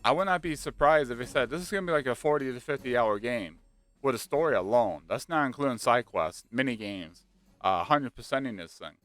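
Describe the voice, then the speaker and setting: A man chatting casually and excitedly about a video game, rambling with lots of fillers. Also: medium pitch, a little fast, no room sound. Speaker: gaming channel host. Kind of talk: casual speculative chat. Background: faint background music.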